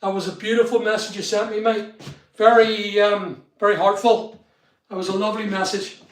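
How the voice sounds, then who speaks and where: Man, high-pitched, chatty live streamer, greets viewers by name, echoey unfinished room. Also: flat delivery, moderate pace. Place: studio room being built.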